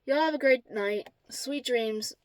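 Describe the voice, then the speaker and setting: A woman's voice: a little high, measured pace. A woman vlogging to camera, telling a story in a blunt, profane, exasperated way. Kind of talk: casual storytelling vlog.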